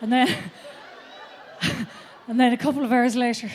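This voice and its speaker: A middle-aged woman with an Irish accent works a theatre crowd through a stand-up routine. Her voice sits high, and she tells the story with lively, foul-mouthed energy. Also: unhurried, pauses often, a little hiss or hum. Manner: animated, swearing storyteller. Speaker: stand-up comedian. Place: theatre stage before a live audience.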